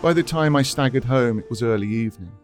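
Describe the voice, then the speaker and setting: A man's voice: medium pitch, fast, soft background music. A man reading his own essay aloud in a dry, wry, scripted narration.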